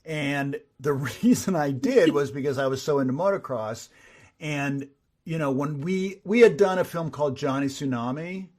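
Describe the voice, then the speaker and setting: Man telling lively behind-the-scenes stories. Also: a little high, moderate pace. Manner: animated storyteller who acts out quoted dialogue. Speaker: writer and producer, podcast guest. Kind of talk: casual interview storytelling.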